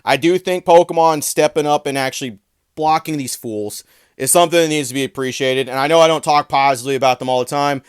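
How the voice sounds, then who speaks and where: A man giving ranting vlog commentary, profane, mocking and animated. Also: a little high, quick pace, smooth, no room sound, studio quality. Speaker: video commentator.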